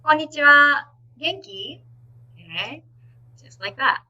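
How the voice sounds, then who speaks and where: Bright-voiced woman teaching a language. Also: sits high, lively intonation, muffled recording. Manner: models each word slowly and repeats it clearly; instructive and encouraging, often says "okay". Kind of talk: live online lesson.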